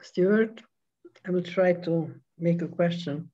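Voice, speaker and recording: Very slow, halting student asking a question. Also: mid-range voice, mellow, lo-fi sound. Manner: halting, many fillers. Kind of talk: hesitant question in class.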